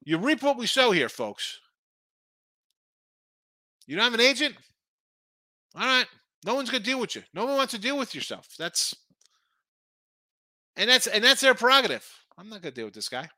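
A man's voice: extremely high pitch, sing-song, fairly quick, sharp tone, dry recording. A middle-aged man hosting a sports betting show, rambling through picks and opinions with frequent restarts. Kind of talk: casual sports betting talk.

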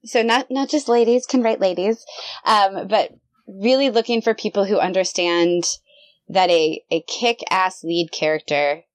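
A woman author chatting as a guest on a podcast, telling stories in a bubbly, animated way. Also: medium pitch, measured pace, dry recording. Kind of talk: casual podcast chat.

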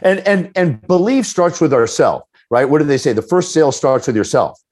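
A man's voice: on the high side, normal speed. A middle-aged man, a leadership speaker, answering questions in a podcast interview and acting out the people in his stories. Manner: animated storyteller, acts out quoted people.

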